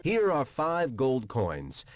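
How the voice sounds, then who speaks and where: An actor playing a friendly innkeeper in a video game, with a welcoming, effusive manner. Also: male voice, medium pitch, huge pitch swings, takes it slowly, faint music behind. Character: friendly male innkeeper, eager to serve.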